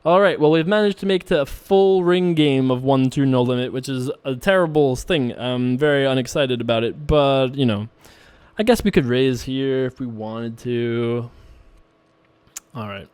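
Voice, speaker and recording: A man's voice: medium pitch, moderate pace, a little mellow, clean tone. A man casually chatting and joking while he plays online poker, laughing often. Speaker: poker vlogger.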